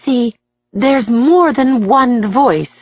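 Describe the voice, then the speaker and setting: A woman's voice: on the high side, extremely slow, dry recording, muffled recording, voice pushed up. A woman voicing a troubled adult man on the witness stand in an audiobook, his voice raised and emotional. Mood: haunted. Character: troubled adult male defendant, unstable.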